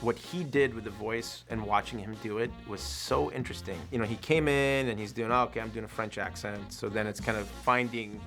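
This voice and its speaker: A man's voice: mid-range voice, moderate pace, few pauses, a bit bright. A male director talking enthusiastically about his voice cast in a behind-the-scenes interview. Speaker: film director. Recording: interview under music.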